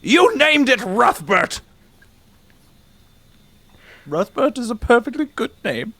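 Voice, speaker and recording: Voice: mid-range voice, big pitch swings, slow, pushed and bright, dry recording, exaggerated voice. A tabletop role-play player voicing a melodramatic space sibling locked in a soap-opera feud with a step twin. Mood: taunting. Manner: over-the-top soap-opera delivery.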